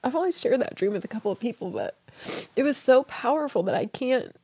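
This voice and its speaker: Soft-spoken woman recounting a tender dream. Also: fairly high pitch, expressive, slight background noise. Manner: soft, halting, with many restarts and whispered moments. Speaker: guest. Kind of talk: emotional personal storytelling.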